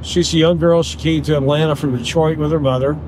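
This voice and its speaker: A man's voice: a little high, fairly even intonation, fast. Chatty older Southern man in a car. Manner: chatty, playful, jokes with put-on accents. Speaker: rideshare driver and podcast host. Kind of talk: casual chat. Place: inside a car. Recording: noisy car interior.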